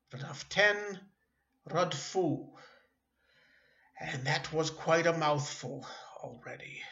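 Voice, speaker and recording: A man's voice: on the high side, a bit bright. A man teaching a language lesson, speaking patiently with hesitant fillers and correcting himself as he goes. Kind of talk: slow spoken language lesson. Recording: echoey room, dull lo-fi sound.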